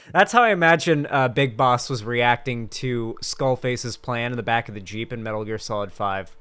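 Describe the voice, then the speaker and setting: Male streamer, mid-pitched, casual crude sarcastic banter to chat. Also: sing-song, normal speed, few pauses, sharp tone, clean tone.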